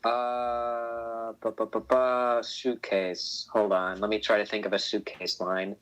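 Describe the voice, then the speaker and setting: A man's voice: fairly low pitch, little pitch movement, slow, a bit bright, poor audio. A man hosting a casual chat, laughing often and restarting his sentences. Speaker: host.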